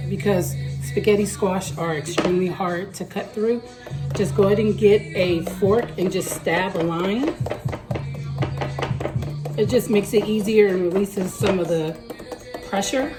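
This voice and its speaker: A woman from Texas with a Southern accent, hosting her own cooking channel and chatting casually as she walks viewers through each step. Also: medium pitch.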